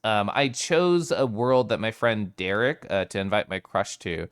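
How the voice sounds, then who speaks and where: A man's voice: lowish voice, expressive, a little slow, clear, resonant tone. A man streaming live, chatting casually with his viewers, playful and giggly as he greets them by name.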